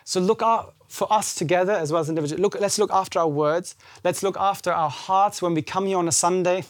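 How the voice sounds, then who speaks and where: A man with a high voice preaching a warm, conversational sermon. He talks animatedly and acts out the scripture dialogue. The sound is close and dry, with no room echo. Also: a little fast. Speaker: pastor. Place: church service.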